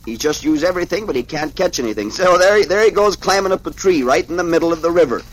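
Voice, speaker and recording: A man's voice: on the high side, animated, fast talker, poor audio. Folksy man reading comics aloud. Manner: chatty, folksy, exclaiming. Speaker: host reading comics to a child. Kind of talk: folksy read-aloud storytelling.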